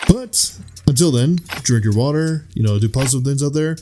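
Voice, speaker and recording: A man's voice: mid-range voice, lively intonation, a little fast. Young guy cohosting a podcast, loose rambly chat, cusses a lot, music faint behind. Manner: rambling, swears casually, does silly impressions. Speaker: podcast co-host. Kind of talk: casual chat.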